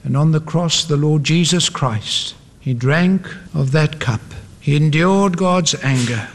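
A man's voice: a little high, a little slow. Man preaching with dramatic emphasis in a reverberant hall. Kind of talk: evangelistic sermon.

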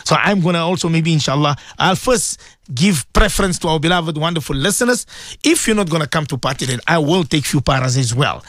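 A man hosting an early-morning devotional radio show, his voice sitting high for a man. He preaches with fervour and repeats himself, climbing into excited exclamations and then sinking low and hushed. The studio sound is dry and close, with no room around it. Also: brisk, no echo. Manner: fervent, repetitive, preacher-like, swings between high exclaiming and low hushed tones. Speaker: radio host.

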